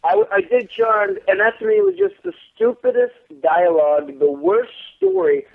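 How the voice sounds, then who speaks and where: A man being interviewed as an actor, telling stories in a profane, animated way over the phone. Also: extremely high pitch, moderate pace, vocal fry. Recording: tinny phone line.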